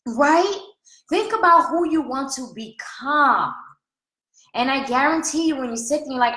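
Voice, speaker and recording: A woman's voice: high-pitched, expressive, moderate pace, bright, forceful tone, reverberant, rough recording. A woman coach giving a frank, casual motivational talk to her followers, acting out her own doubts in quoted inner voices. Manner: frank and casual, with occasional swearing.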